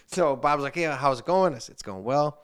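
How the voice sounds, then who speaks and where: A man's voice: on the high side, animated, fairly quick, fairly bright tone, smooth. A man hosting a podcast, telling a rambling anecdote in casual chat and acting out the messages he quotes. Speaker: podcast host.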